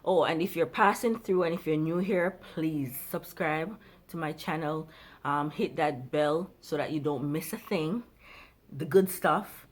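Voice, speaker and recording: A woman vlogger with a somewhat low voice, speaking to camera about her own experience. She rambles and drifts off her point, then finds her way back, growing animated at times and going soft and low at others. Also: unhurried. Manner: rambling, jumps around then comes back; animated, turns quiet and low at emotional parts. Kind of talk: personal storytelling to camera.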